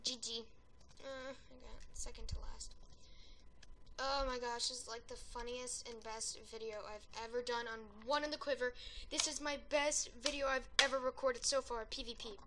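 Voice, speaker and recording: A woman giving excitable gameplay commentary, yelling and gasping at wins and deaths and rambling chattily between rounds. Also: on the high side, moderate pace, noisy background. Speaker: gaming video creator.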